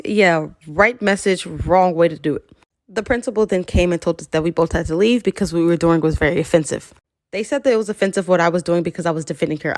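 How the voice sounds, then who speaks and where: A woman's voice: fairly low pitch, darkish tone, no room sound, studio quality. Young woman telling dramatic stories. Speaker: storyteller. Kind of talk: scripted first-person story narration.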